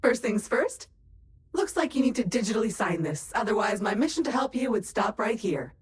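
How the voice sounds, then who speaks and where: A woman's voice: a little high, lively intonation, normal speed, lightly acted. A woman voicing a chatty, mildly sardonic female AI assistant in a video game. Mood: wry.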